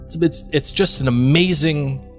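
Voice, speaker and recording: A man's voice: a little high, measured pace, faint music behind. A man co-hosting a podcast, casually chatting and earnestly plugging segments. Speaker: podcast co-host. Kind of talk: casual chat.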